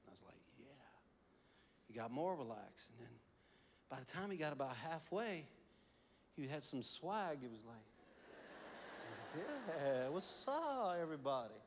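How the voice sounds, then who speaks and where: A pastor preaching a sermon in a church, telling a lively story with frequent laughter, then leading prayer. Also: male voice, medium pitch, moderate pace, creaky, slight background noise. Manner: animated storytelling, laughs often, swings from hushed to loud. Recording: long church reverb.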